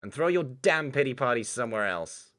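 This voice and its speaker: A man's voice: deep voice, lively intonation, unhurried. A man playing a hot-tempered young reptile guy. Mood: furious. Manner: raised, furious outburst. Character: hot-tempered young male lizard-like student.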